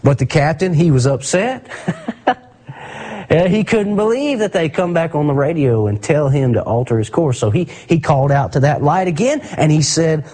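Husky-voiced man preaching earnestly. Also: fairly high pitch, lively intonation, dark tone. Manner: earnest, storytelling with slow emphatic drawn-out phrases. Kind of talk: sermon.

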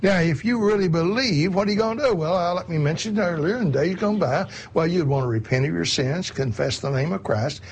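A man delivers an earnest sermon, circling back to his points again and again. His voice sits a little high for a man and carries a husky, slightly rough edge. He speaks straight to his listeners, pressing them with questions. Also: fairly quick, few pauses. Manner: earnest, repetitive, addresses listeners as my friends. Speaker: preacher.

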